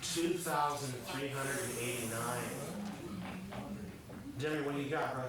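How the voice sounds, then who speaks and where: In front of a big crowd, a man runs an energetic team meeting, cracking jokes and throwing questions at the audience in a steady, unhurried, mid-range voice. The echoey room, distant mic and crowd noise are all audible.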